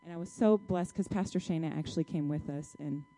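A woman's voice: sits low, fairly quick, dark tone. Woman sharing an emphatic church testimony. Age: adult, married, child-bearing years. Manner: emphatic, colloquial, addresses the congregation directly. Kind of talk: testimony sermon, storytelling.

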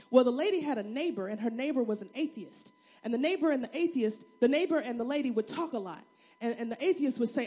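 A woman pastor preaching a sermon, acting out voices in her stories and building to shouts. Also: high voice, expressive, quick pace, slightly rough.

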